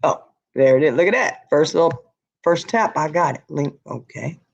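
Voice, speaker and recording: A woman's voice: low-pitched, lively intonation, normal speed, gravelly, muffled recording. A tired woman hosting a casual livestream, talking bluntly and answering her chat as she goes. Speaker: livestream host. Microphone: laptop or webcam.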